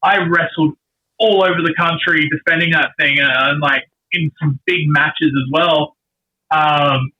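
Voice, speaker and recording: A man's voice: on the high side, steady tone, measured pace, sharp tone, slight background noise. A middle-aged man, a wrestler, telling earnest, rambling stories in a casual podcast interview. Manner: rambling, earnest storytelling with many fillers. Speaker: guest wrestler. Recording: dull lo-fi sound.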